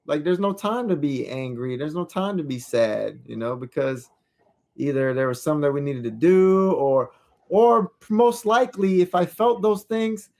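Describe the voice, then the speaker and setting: A man with a slightly higher-than-usual voice talks through ideas on a podcast. He speaks in a casual, reflective way. He often stops and restarts his sentences as he searches for the right words. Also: animated, normal speed, a little mellow. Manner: thoughtful, searching, with frequent restarts. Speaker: podcast co-host; parent.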